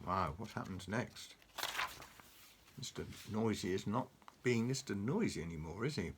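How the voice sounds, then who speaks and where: A man reading a picture book aloud to a child, animated and chuckling, pointing out the pictures. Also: lowish voice, moderate pace, slight background noise.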